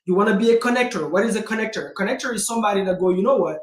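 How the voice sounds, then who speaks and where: Man, high voice, punchy motivational vlogger, roomy echoey sound. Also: rapid-fire. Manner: energetic, direct, keeps calling viewers 'guys'. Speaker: real estate investor and channel host. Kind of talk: casual motivational vlog talk. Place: indoor room with a self-made backdrop.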